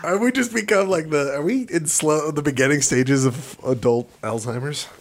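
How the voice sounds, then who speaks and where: A man's voice: on the high side, normal speed. A man co-hosting a podcast in casual comedic chat, joking, swearing and trying out silly voices. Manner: jokey, animated, slips into silly put-on accents. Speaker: podcast co-host.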